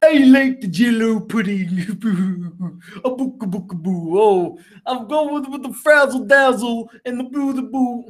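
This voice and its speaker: A man's voice: extremely high pitch, unhurried, voice pushed up. A man doing an over-exaggerated impression of an older male comedian, rambling nonsense phrases in a put-on voice. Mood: goofy. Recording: echoey room.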